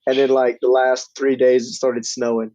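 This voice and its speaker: A man telling stories in casual, profane podcast chat, animated and loud on quoted lines. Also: medium pitch, normal speed, dry recording. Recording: dull, dry lo-fi recording.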